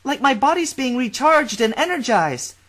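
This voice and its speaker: A man voicing a playful, indignant teenage girl trainer, high and muffled from behind a door. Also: big pitch swings, moderate pace, fairly bright tone, heavily acted. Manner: high, muffled, shrill when flustered.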